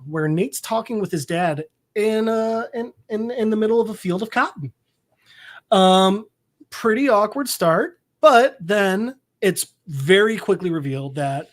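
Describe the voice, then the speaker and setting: A podcast co-host recapping a story in casual chat, rambling with lots of fillers and acting out quoted characters. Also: mid-range voice.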